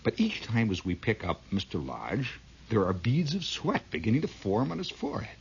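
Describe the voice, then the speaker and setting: A comedian tells a rambling comic story, laughing at his own tale as he goes. His lowish voice is sing-song with vocal fry at normal speed, captured on a dull lo-fi old recording with a little hiss or hum.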